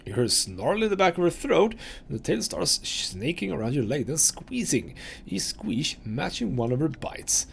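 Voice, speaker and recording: A man's voice: fairly high pitch, big pitch swings, normal speed, creaky, a little hiss or hum. A man hosting a let's play, chatting casually and reading game text aloud into a desk microphone.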